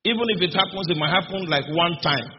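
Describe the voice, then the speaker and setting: A man delivers a teaching sermon with a slightly high voice, hammering home key phrases by repeating them and stopping often to ask whether his listeners are still with him. The sound is dull and lo-fi, with steady background noise and a long reverb from a large hall. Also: quick pace. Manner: repeatedly checks in with the audience. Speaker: preacher. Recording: dull, noisy recording in an echoey hall.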